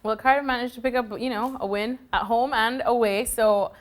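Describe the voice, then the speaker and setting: A woman's voice: a little high, fairly even intonation, normal speed. A woman hosting a casual football predictions segment, upbeat and playfully teasing her co-host. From not from the UK. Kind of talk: casual sports prediction chat.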